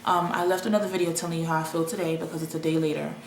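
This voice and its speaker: A young woman rambles through a casual vlog monologue, restarting her sentences as she goes. Her voice sits somewhat low, and the echoey room carries a faint hum of ambient noise. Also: little pitch movement, racing, creaky. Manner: rambling, chatty, with frequent restarts and laughs. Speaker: vlogger.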